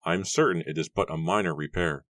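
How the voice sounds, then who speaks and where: A man voicing a good-natured young husband who talks calmly and reassuringly. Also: low-pitched, quick pace, dry recording. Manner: calm, reassuring, lightly teasing.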